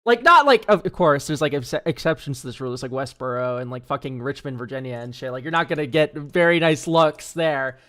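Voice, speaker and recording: A man's voice: mid-range voice, animated, fairly quick, hardly any pauses, fairly bright tone. A young man streaming, chatting casually in a rambling, sarcastic way and laughing often. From United States. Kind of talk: casual chat.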